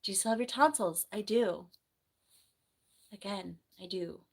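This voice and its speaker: A woman's voice: mid-range voice, measured pace, breathy edge. Chatty young woman from New Jersey. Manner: rambling, chatty, reads viewer comments aloud. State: slightly hoarse from the flu. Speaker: nurse and livestream host. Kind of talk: casual livestream chat. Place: bedroom at home.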